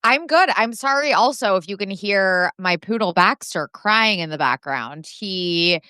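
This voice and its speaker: Woman, bright crisp voice, chatty, lots of "like", dry close sound. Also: medium pitch, lively intonation, no room sound. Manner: chatty, quick asides, fond of "like". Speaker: podcast co-host guest. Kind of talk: casual pop culture chat.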